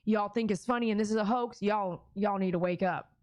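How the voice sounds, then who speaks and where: Woman on a livestream reading chat, blunt and earnest, kinda emotional, normal pitch. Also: brisk, a little mellow, no echo, lo-fi sound. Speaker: dog trainer streamer. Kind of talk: live stream, reading chat comments.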